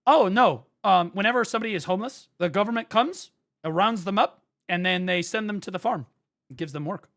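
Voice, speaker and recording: A man's voice: high-pitched, fairly quick, creaky, fairly bright tone, pitched below the performer's own voice. A man doing a matter-of-fact male translator.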